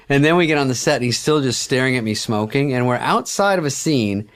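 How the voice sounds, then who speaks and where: Guy telling an old set story, dry and wry, swears a lot, mid-pitched. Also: animated, moderate pace. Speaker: guest. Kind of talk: casual storytelling anecdote.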